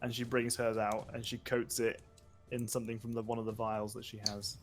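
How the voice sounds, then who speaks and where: A man's voice: mid-range voice, little pitch movement, brisk, over music. A man running a tabletop game as game master, narrating scenes and bantering with laughter, over voice chat.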